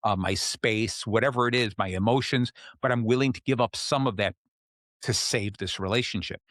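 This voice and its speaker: Male podcast host, low-ish voice, casual coaching delivery, tag questions, dry close mic. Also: moderate pace, a bit bright, no room sound. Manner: explanatory, checks in with "okay?" often. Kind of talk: casual self-help talk.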